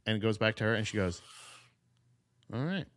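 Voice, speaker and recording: Ranting, animated man podcast host. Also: fairly low pitch, rapid-fire. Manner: animated ranting, profane, laughs. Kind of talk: casual podcast chat.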